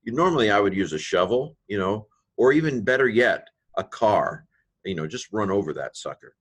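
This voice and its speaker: Casual male lecturer, deep voice, rambling with ums, slows for emphasis. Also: animated, husky. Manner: thinks aloud, many fillers and restarts; slows to stress key phrases. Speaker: teacher. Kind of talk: informal grammar lecture.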